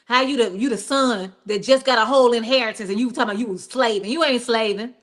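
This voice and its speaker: A woman pastor giving a conversational, animated sermon with chatty asides. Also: fairly high pitch, quick pace.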